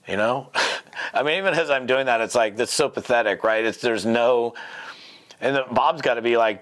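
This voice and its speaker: A man's voice: mid-range voice, moderate pace. A man hosting a solo podcast, talking animatedly and acting out hyped-up phone calls. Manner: animated, acts out phone calls with sudden bursts of hype. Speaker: podcast host and network marketing trainer. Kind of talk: energetic solo podcast talk.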